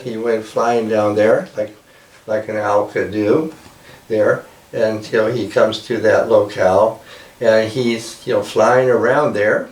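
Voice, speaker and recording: A man telling a folk tale in a casual, halting way, with many fillers, recorded with a roomy sound from a distance. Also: on the low side, darkish tone. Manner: halting, lots of "you know" and "like that". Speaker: storyteller. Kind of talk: casual oral storytelling.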